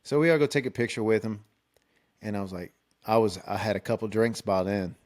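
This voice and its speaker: A young man, a country singer hosting his own podcast, telling concert stories in a relaxed, excitable way, jumping up in pitch to act out the people he quotes. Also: brisk. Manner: laid-back, excitable, acts out quotes with raised pitch. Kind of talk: casual storytelling.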